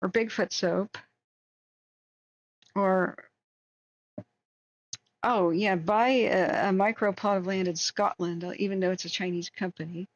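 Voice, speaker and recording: A woman's voice: mid-range voice, no room sound. An American woman hosting a long wildfire-tracking livestream, chatting casually, rambling and opinionated, reading viewer comments aloud. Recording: dull lo-fi stream audio.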